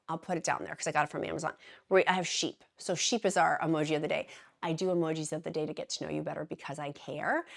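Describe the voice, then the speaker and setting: A middle-aged woman vlogger talking casually to camera, chatty and giggly, warm and encouraging as she reads out names. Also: deep voice, creaky.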